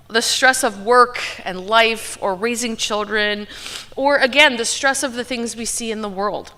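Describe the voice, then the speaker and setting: A woman's voice: fairly high pitch, pushed and bright. A woman pastor giving an informal, earnest sermon to her congregation, talking conversationally with frequent asides. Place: church sanctuary.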